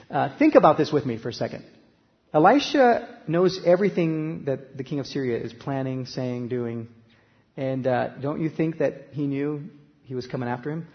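A man preaching a sermon in a conversational way, growing louder when he reads scripture aloud. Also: on the high side, big-room sound, dull audio. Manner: conversational preaching, rising loud for scripture quotes. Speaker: pastor.

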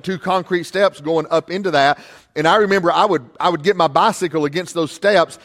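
A man gives a sermon from a church pulpit, his voice sitting fairly high for a man. He tells stories in a loose, conversational way, often repeating a word before his sentences get going, then slows and lifts his voice when reading scripture. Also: a bit bright, long reverb tail. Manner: storytelling, repeats words when starting a sentence. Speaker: pastor.

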